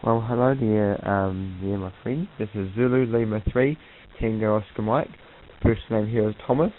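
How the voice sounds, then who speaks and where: A man's voice: on the low side, moderate pace. Chatty New Zealand man over radio. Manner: cheerful, chatty. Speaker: radio amateur caller. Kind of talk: casual radio check-in. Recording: tinny radio transmission with faint noise.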